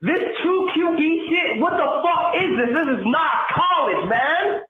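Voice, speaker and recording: A furious man rants down a phone line, cursing and breaking into shouts. His voice sits high, and the call sounds thin and tinny with a roomy echo around it. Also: lively intonation, unhurried, far from the mic. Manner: furious, swearing, shouting bursts. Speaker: caller. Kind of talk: angry fan voicemail rant.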